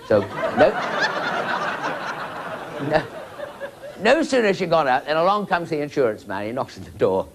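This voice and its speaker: A man's voice: a little high, big pitch swings, unhurried, vocal fry, pauses often, slight background noise. A man telling a long rambling joke with chuckling asides. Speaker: comedian.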